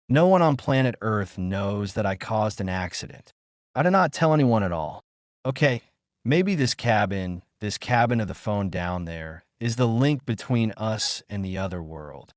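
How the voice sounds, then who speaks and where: A man's voice: on the low side, animated, moderate pace, no echo, clean studio sound. A man narrating a horror story in a tense, dramatic way, with anxious outbursts.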